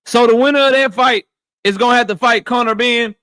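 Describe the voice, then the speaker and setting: A man's voice: very high-pitched, fairly even intonation, fairly quick, bright, forceful tone, clean tone. A young man hosting a boxing talk show, blunt and profane, repeating lines for emphasis. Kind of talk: casual opinionated commentary.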